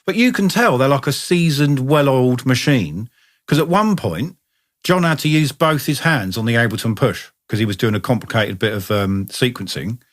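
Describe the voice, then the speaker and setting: A man co-hosting a casual podcast, his pitch swinging up and down as he tells stories. He swears freely and gets carried away with enthusiasm. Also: animated, normal speed. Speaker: podcast co-host. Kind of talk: casual chat.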